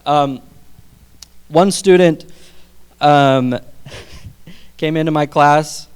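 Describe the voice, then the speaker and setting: A man's voice: fairly high pitch, extremely slow, clean tone. Young male stand-up, self-deprecating, clean resonant voice, live stage mic. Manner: self-deprecating, chuckles between jokes. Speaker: stand-up comedian. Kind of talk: stand-up comedy set. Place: theater stage before a live audience.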